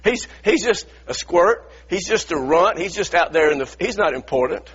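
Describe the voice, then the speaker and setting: A man's voice: sits high, animated, moderate pace, fairly bright tone, muffled recording, slight background noise. A male preacher delivering an impassioned sermon, retelling stories and voicing pleading sons. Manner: impassioned, acts out biblical voices.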